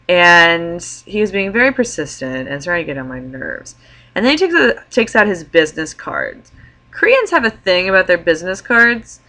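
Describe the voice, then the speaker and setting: Low-voiced young woman, chatty vlog story. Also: big pitch swings, normal speed, bright, forceful tone. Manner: chatty, peppered with "like" fillers. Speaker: vlogger. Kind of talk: casual storytelling to camera.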